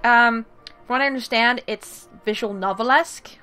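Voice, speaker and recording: A woman with a fairly high voice hosts a casual game playthrough and reads the story text aloud. She talks in a hesitant, self-deprecating way with plenty of fillers, and faint music plays behind her. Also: moderate pace, bright, forceful tone, clean tone. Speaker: gaming video host.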